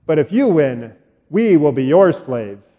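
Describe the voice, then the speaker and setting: A man voicing a huge, boastful giant warrior who taunts loudly and laughs mockingly, told in a church sermon. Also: a little high, sing-song, a little slow, big-room sound, muffled recording. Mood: challenging.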